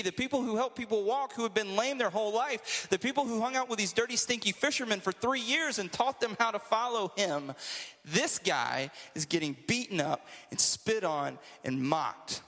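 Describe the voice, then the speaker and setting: Male preacher, casual sermon, high bright voice, joking asides. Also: big-room sound. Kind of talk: casual sermon to a youth group.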